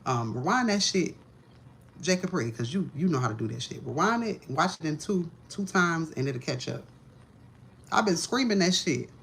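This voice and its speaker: A woman's voice: deep voice, lively intonation, moderate pace, a bit bright, slight background noise. A woman doing a live-streamed tarot reading from home, ranting in a profane, agitated way. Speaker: tarot reader.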